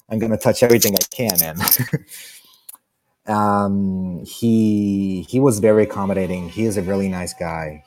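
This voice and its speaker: A man from Italy with an Italian accent, a guest in an interview, telling anecdotes in a lively way and often laughing. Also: on the low side. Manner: animated storyteller, laughs often, acts out quoted lines.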